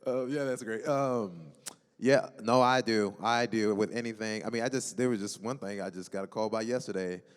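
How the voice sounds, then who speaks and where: Low-voiced friendly man on panel. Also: normal speed, smooth. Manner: casual, stammering restarts, friendly. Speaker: voice actor panelist. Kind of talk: convention panel talk. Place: convention panel hall. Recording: long hall reverb.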